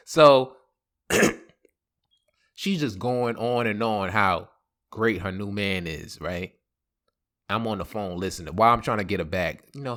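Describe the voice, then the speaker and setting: A man spinning a personal story for his vlog, relaxed and slangy. His pitch swings wildly from low mutters to high bursts, and he laughs often. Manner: animated, slangy, laughing a lot.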